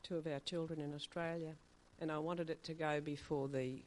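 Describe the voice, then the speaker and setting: A woman's voice: sits low, little pitch movement, fairly quick, darkish tone. An older woman tells her church about a recent experience. Her storytelling is chatty and meandering, full of small asides. She brings her story to life by acting out the voices of the people she met. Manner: chatty storytelling, acts out quoted dialogue. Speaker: church member giving a testimony. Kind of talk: spoken testimony at a church meeting.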